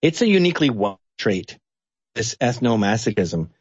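A man from Canada giving blunt, animated political opinions as an interview guest. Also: normal speed, husky, no echo, highs cut off. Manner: blunt, animated, sweeping pitch swings.

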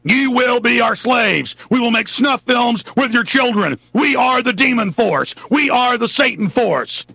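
A man voicing a sneering, menacing government tyrant who shouts threats with contempt. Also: extremely high pitch, lively intonation, unhurried, creaky, few pauses, slightly rough, dry recording, voice pushed up, exaggerated voice. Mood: menacing, shouting.

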